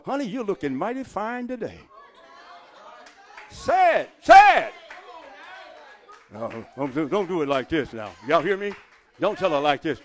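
High-pitched shouting preacher man. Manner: call-and-response preaching, rising to shouts. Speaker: pastor. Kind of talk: sermon. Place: church pulpit.

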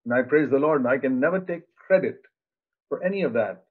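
A man's voice: medium pitch, lively intonation, brisk. An older male preacher giving a sermon in an earnest, plain-spoken way, acting out bits of dialogue. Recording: tinny phone-like sound.

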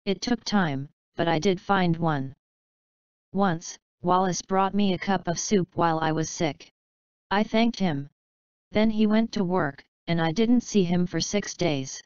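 Bitter blunt ex-wife, read by a woman, scornful, very clear voice, dull lo-fi audio. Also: lowish voice, measured pace, a little mellow, no room sound, close to an everyday voice. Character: bitter, venting ex-wife at a funeral.

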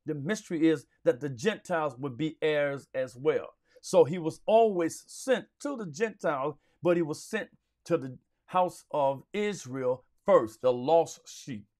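Slow, emphatic male Bible teacher. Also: on the high side, darkish tone. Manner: preacherly, emphatic, repeats phrases for stress. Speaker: Sunday school teacher.

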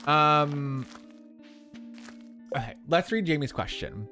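A man's voice: mid-range voice, expressive, slow pace, pauses often, bright, forceful tone, soft background music. A young man in drag live-streaming a farming game, chatting casually with viewers and answering their questions with lots of fillers.

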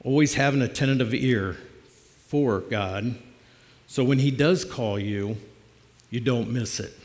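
A man's voice: medium pitch, takes it slowly, darkish tone. A middle-aged man preaching a personal testimony sermon as a lay preacher, in a plainspoken, conversational storytelling way. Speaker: lay preacher filling the pulpit. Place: church sanctuary. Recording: long church reverb.

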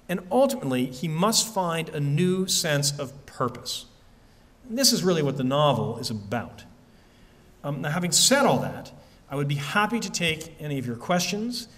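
A man with a slightly raised voice talks easily to a library audience about his novel. He circles back, restarts sentences and pads his answers with casual fillers, sounding unhurried and friendly. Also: fairly high pitch. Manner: relaxed, conversational, many fillers and restarts. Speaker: author answering audience questions. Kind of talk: bookstore-style author talk and Q&A. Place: library event hall.

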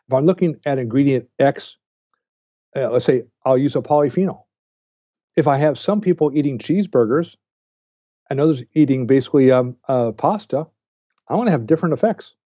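A man's voice: medium pitch, dark tone, breathy edge, dry recording, studio quality. An older man speaking as a guest on a podcast interview, lecturing bluntly and with emphasis. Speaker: guest, diet researcher.

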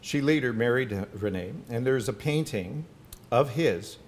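A man's voice: mid-range voice, expressive, normal speed, slight background noise. An older man giving an anecdotal talk about his family to an audience at a podium microphone. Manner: warm anecdotal storytelling with asides. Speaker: featured speaker at a symposium. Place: university hall with audience.

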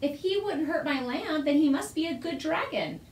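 A woman voicing an earnest young farm boy in a storybook, speaking high and eagerly, recorded in an echoey room. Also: expressive, moderate pace, a little mellow, distant mic, slight background noise. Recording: roomy echo.

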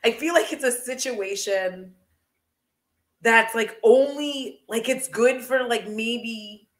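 A woman's voice: a little high, slow pace, echoey room. Giggly, rambling young woman vlogger. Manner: rambling, giggly, gossipy, full of fillers. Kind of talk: casual chat while decluttering. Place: room at home.

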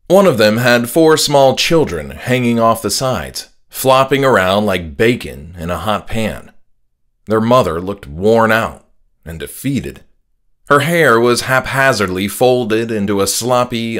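A man reading his own horror story aloud, narrating in the first person with an expressive storytelling cadence. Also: fairly low pitch.

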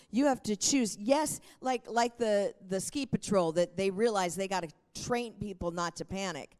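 A woman's voice: mid-range voice, moderate pace, hardly any pauses, darkish tone. A middle-aged woman preaching a sermon in an earnest, encouraging way. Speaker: pastor.

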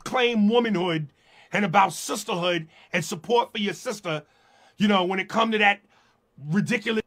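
Sarcastic high-voiced man. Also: moderate pace, a bit bright. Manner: sarcastic, mocking. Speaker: comedian. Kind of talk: monologue in a played clip.

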